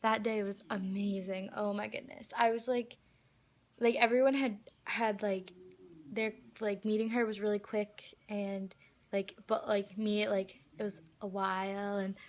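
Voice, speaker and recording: A young woman vlogging an excited fan storytime, gushing and full of fillers. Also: medium pitch.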